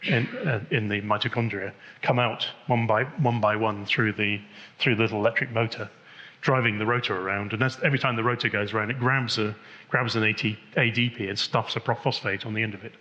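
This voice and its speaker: A man's voice: lowish voice, steady tone, a little fast, pushed and bright, lo-fi sound. A man giving a technical conference talk, rambling with many restarts and fillers. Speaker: conference speaker. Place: conference hall.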